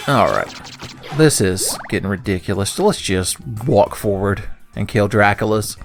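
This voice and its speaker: A man's voice: fairly low pitch, animated, unhurried, faint music behind. A man giving casual gameplay commentary, joking, swearing and laughing often. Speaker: let's play commentator.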